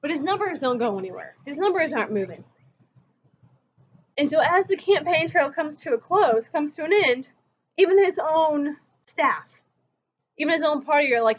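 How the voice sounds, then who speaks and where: High-voiced chatty woman teaching history. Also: animated, moderate pace, slight background noise. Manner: chatty storytelling, acting out quotes. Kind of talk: casual recorded lecture. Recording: dull lo-fi recording.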